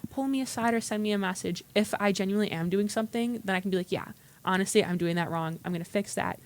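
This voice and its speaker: A woman's voice: mid-range voice, a little mellow. A woman earnestly telling a personal story in a meeting room, acting out past conversations in quotes. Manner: earnest, recounts dialogue in quotes. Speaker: workshop participant.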